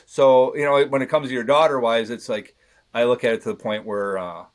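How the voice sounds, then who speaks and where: A man in his thirties talks candidly as a podcast guest, earnest and rambling. He circles back and restarts his sentences often, at an ordinary pitch for a man. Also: fairly even intonation, a little fast. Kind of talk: candid conversation.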